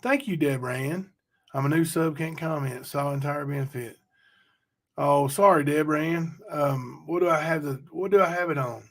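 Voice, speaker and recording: A man's voice: a little high, moderate pace. Chatty man hosting a livestream. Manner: chatty, rambling, addresses chat directly. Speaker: livestream host. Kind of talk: casual livestream chat reading viewer comments.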